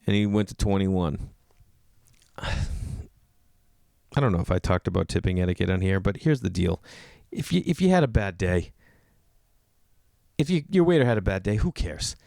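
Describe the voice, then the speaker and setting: A stand-up comedian and podcast host delivers a casual monologue of funny stories in a low, gravelly voice at a moderate pace, pausing often. He's animated, leans heavily on "like," and acts out other people's lines in raised voices. The recording is dry and studio quality.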